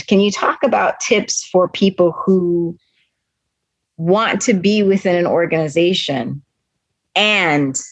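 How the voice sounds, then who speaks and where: A woman's voice: lowish voice, no echo, highs cut off. A woman hosting a podcast interview, asking questions and affirming her guest. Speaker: podcast host.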